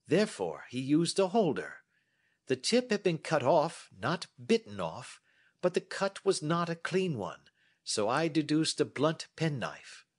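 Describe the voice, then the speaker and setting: A man voicing a calm, clever male detective who speaks in a measured, gentle and grave way. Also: fairly high pitch, pitched above the performer's own voice. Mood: explaining.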